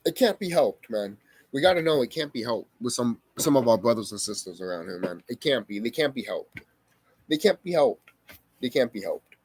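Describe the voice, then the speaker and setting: A man's voice: medium pitch, animated, moderate pace, darkish tone, breathy edge, no room sound. A young man vlogging a heated personal story, swearing often and repeating himself for emphasis. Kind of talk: emotional personal storytelling to camera.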